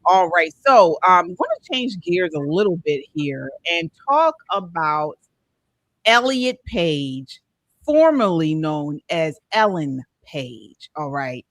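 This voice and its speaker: A middle-aged woman hosts a casual commentary chat in an earnest tone, her pitch swinging widely as she talks. She often stumbles and restarts her phrases. The sound is dry and close. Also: sing-song, slow, fairly bright tone, no room sound. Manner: earnest, many restarts and repeated words. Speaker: host.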